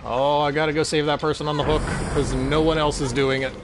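A man's voice: a little high, little pitch movement, a little fast, background noise. A man giving playful, self-mocking commentary while playing a video game, exclaiming and talking to the other players. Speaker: gaming streamer. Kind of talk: let's-play commentary.

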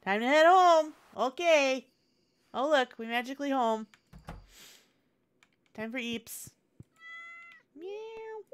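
A woman's voice: high-pitched, slow, long pauses, a little hiss or hum. A woman streamer chatting casually over gameplay, talking to herself and the chat in a chatty, encouraging way. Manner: chatty, encouraging, self-talk.

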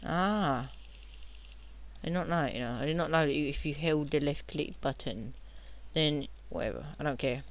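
A young man, rambling and joking as he narrates his own computer game, now and then shouting at enemies. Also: fairly high pitch, moderate pace. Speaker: gamer playing on video. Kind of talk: casual game commentary.

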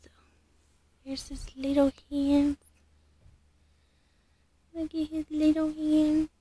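A woman doing a casual unboxing vlog as a doll collector. She gushes, rambles and corrects herself, and often drops to a soft near-whisper. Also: sits high, little pitch movement, takes it slowly, no echo.

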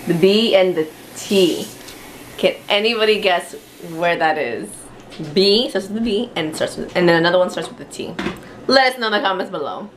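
Lively giggly woman vlogger. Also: medium pitch, moderate pace, slight background noise. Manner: teasing, giggly, animated. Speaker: family vlogger, mother. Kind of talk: casual family vlog chat. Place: home kitchen.

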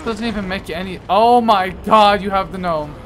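A man's voice: high-pitched, normal speed, a little hiss or hum. A young man chatting casually with a friend during a co-op video game, stammering when things get hectic. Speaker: co-op gaming partner. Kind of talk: casual gameplay chat.

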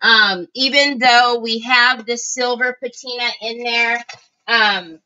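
A woman's voice: on the high side, fairly even intonation, takes it slowly, pushed and bright, clean tone. A middle-aged woman hosting a craft livestream, chatting casually and greeting viewers by name. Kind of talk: casual live-stream chat. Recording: dull lo-fi home stream audio.

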